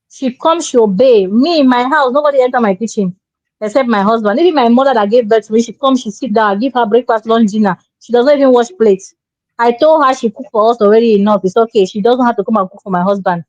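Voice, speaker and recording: A woman's voice: fairly high pitch, no room sound. A woman giving emphatic, preachy marriage advice in casual talk, acting out quoted dialogue. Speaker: relationship commentator. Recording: dull dry lo-fi sound.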